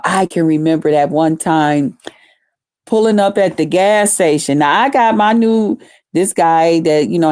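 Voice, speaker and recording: A woman vlogger telling a story casually to her viewers, animated and profane. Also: low-pitched, clean tone, no echo, clean studio sound.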